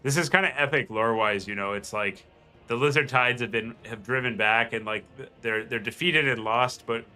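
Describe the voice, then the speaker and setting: A man's voice: mid-range voice, moderate pace, pushed and bright, smooth, faint music behind. A man casting a strategy game match in a casual, rambling way, with a nasal voice and lots of fillers and restarts. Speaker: game commentator. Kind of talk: casual gameplay commentary.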